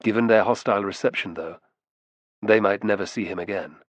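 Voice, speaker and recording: A man with a fairly low voice narrates a historical audiobook in a steady, measured way. His voice sits close to the mic in a dry, dead room with no echo. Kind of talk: scripted narration.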